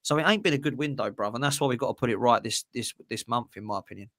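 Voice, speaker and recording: A man's voice: medium pitch, fast talker, fairly bright tone, no room sound, clean studio sound. A man in casual football chat, ranting bluntly and emphatically.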